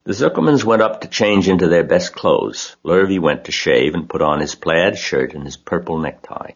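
A man narrating an audiobook in a steady, gentle storytelling manner. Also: sits low, normal speed, creaky, husky. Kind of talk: audiobook reading. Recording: dull lo-fi recording.

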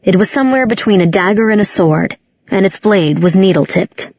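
An audiobook narrator, a woman, reads a novel in steady, measured scripted narration. Her voice is mid-range, and the recording is dry, dull and muffled.

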